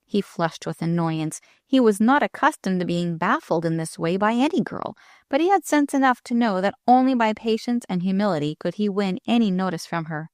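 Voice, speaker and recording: A woman narrating an audiobook in a lively, expressive reading. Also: mid-range voice, fairly quick, no room sound, studio quality.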